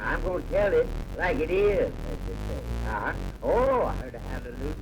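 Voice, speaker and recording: An actor playing a fiery preacher who rises to shouts about hellfire in a film clip. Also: male voice, on the high side, sing-song, moderate pace, poor audio. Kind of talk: film dialogue. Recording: film clip with loud music.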